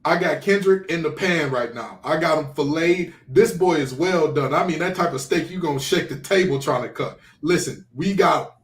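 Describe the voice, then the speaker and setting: A man's voice: a little high, normal speed, hardly any pauses, recorded from a distance, natural voice. A man putting on a cocky male rapper who taunts and boasts to a peer. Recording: roomy echo.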